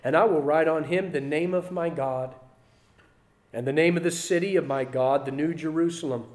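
High-voiced preacher, emphatic and dynamic. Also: male voice, moderate pace. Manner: emphatic, swings from loud declarations to quiet asides; repeats key phrases for emphasis. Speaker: pastor. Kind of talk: sermon.

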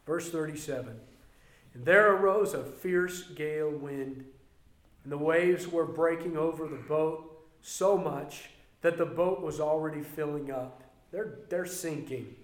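A man preaching a sermon as a pastor, emphatic and swinging between loud passages and quieter ones. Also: fairly high pitch. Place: church. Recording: roomy echo.

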